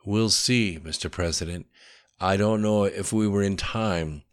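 A man's voice: lowish voice, unhurried, lightly acted. A man voicing Katie, a wry young woman. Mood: doubtful. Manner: doubtful, wry. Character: young woman blogger, incredulous.

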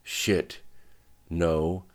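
Guy doing a clipped security guy, low voice, audiobook. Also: flat delivery, drawn-out words. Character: terse security man, Jones.

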